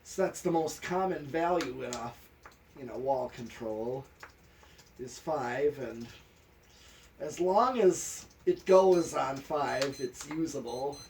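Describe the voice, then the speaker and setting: A man's voice: mid-range voice, lively intonation, slow, darkish tone, recorded from a distance, a little hiss or hum. A man testing a ceiling fan, talking practically and counting settings aloud. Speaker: fan tester. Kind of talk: casual technical chat.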